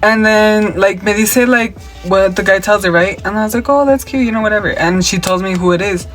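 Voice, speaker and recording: A man's voice: high voice, level tone, fairly quick, a bit bright, soft background music. Sassy makeup vlogger man. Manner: sassy, profane, switching between English and Spanish slang. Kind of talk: casual chatty makeup tutorial with story time. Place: at home.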